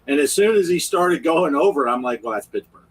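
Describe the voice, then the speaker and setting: A man's voice: a little high, animated, fairly quick, a little hiss or hum, low-quality recording. A man hosting a casual livestream chat, telling rambling stories. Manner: chatty, rambling storyteller. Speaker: livestream host.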